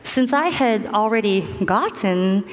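A woman telling a personal story with earnest, lively delivery. She slips into other people's voices as she retells what they said. Her middle-pitched voice rings with a long reverberant tail. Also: slow pace. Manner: earnest, animated retelling, acting out others' words. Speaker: storyteller recounting a family medical ordeal.

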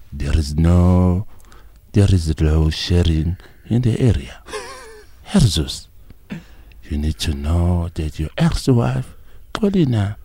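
Man doing a male guardian angel, very low and dark, slow and grave, radio drama. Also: breathy edge, full character voice. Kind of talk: improvised radio drama acting.

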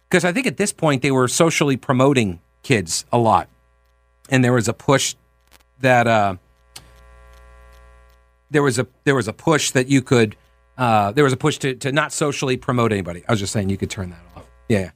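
A male radio host from New York telling stories in a lively monologue, throwing in rhetorical questions. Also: medium pitch, moderate pace, no room sound, studio quality. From New York, Long Island. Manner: animated storytelling with rhetorical questions.

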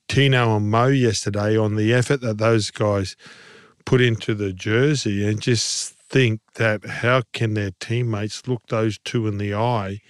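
A man's voice: on the low side, clean tone, no echo, clean studio sound. Blunt man talking footy. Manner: blunt, passionate, folksy. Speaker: podcast co-host, former rugby league player. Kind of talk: casual sports chat. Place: podcast studio.

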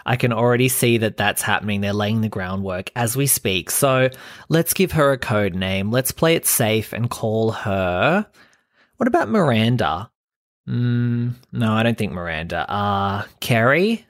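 A man's voice: lowish voice, animated, a little slow, no room sound, studio quality. A young Australian man hosting a gossip commentary vlog, sarcastic and throwing shade. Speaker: host.

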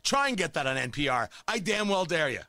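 A man's voice: a little high, very animated, brisk, pushed and bright, no echo. A man delivering a sarcastic, combative opinion monologue as a talk show host.

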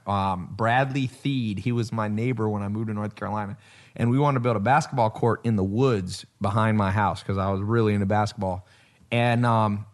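A man talking casually on a podcast, blunt and emphatic, swearing and laughing as he makes his points. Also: mid-range voice. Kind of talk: casual conversation.

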